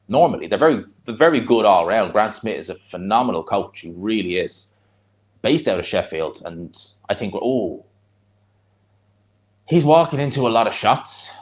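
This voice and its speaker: A man with a North Dublin accent and a fairly low voice chats through a live fight watch-along. He rambles and restarts his sentences, then breaks into excited reactions to the punches. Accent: North Dublin (Fingal). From Ireland.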